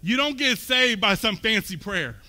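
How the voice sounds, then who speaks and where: A man preaching in a church sanctuary, his high, very bright voice carrying a long hall echo. He moves between easy, conversational talk and emphatic, rising points. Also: lively intonation, moderate pace, soft background music. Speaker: pastor. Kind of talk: sermon.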